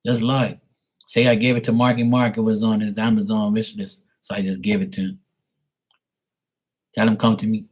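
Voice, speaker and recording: A man's voice: lowish voice, level tone, moderate pace, long pauses, darkish tone. A man hosting a casual live stream and chatting with viewers, speaking bluntly with plenty of profanity and a rambling flow.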